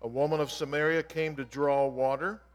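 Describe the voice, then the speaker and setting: A man's voice: on the high side, steady tone, normal speed. A man preaching an explanatory sermon in an earnest way, stressing key words as he teaches. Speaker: pastor. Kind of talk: expository sermon. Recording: long reverb of a large hall.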